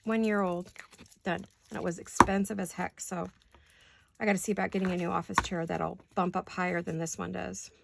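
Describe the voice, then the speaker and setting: A woman's voice: on the low side, flat delivery, brisk, vocal fry, very noisy. A woman chatting casually to her viewers while crafting in her home studio, thinking aloud and laughing easily. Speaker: paper craft vlogger. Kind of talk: casual crafting chat to camera.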